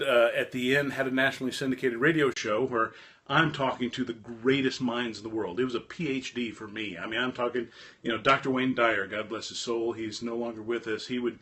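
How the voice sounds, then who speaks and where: Animated middle-aged man telling a story. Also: medium pitch. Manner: animated, rambling, with frequent restarts. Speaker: host of a live stream talk. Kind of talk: casual storytelling monologue.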